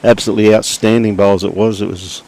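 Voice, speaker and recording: A middle-aged Australian man doing relaxed live commentary on lawn bowls, chatting and greeting viewers by name. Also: on the low side, fast, creaky.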